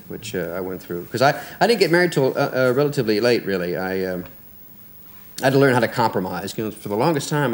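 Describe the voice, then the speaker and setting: A middle-aged American man, a comedian guest, telling rambling wry anecdotes with hesitations on a talk show. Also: low-pitched. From United States. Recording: noisy broadcast with studio audience.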